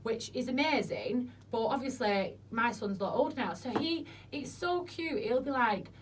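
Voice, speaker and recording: A woman guest with a fairly high, expressive voice speaks at a moderate pace in a frank, casual interview. She's chatty, swears freely, and acts out what people said, captured on a distant mic with faint noise.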